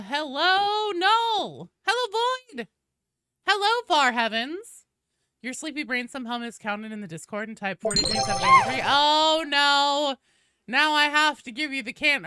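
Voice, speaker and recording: Woman streamer, bright and lively, chatty with viewers, voice slightly gravelly. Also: fairly high pitch, dry recording, studio quality. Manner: chatty, greets viewers one by one. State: voice a bit gravelly from allergies. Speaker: game streamer. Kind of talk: casual live-stream chat.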